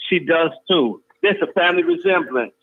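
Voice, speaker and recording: A man's voice: a little high, lively intonation, moderate pace, a little hiss or hum. Emphatic man on a tinny phone line. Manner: emphatic, repeats phrases forcefully. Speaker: guest. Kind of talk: heated call-in talk. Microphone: phone call.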